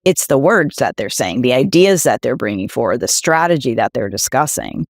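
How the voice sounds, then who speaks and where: A woman's voice: rumbling low, expressive, normal speed, no echo, studio quality. A middle-aged woman executive, a guest in an interview, speaking emphatically and asking rhetorical questions. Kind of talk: candid interview conversation.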